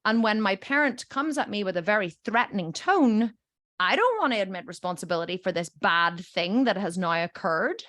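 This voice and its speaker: A woman's voice: mid-range voice, lively intonation, normal speed, fairly bright tone, dry recording, studio quality. A woman coach teaching a group, telling stories with lots of "okay?" and "right?" check-ins and acting out the voices in them. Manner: acts out voices in quotes.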